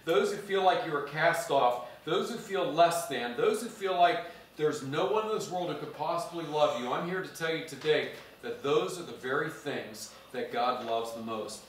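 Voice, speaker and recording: A male pastor delivers a sermon in a slightly higher-than-usual voice, leaning hard on key words and drawing them out. He is picked up from a distance, so the church around him rings with a heavy, lingering echo. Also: a little hiss or hum. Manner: emphatic, drawn-out stresses on key words.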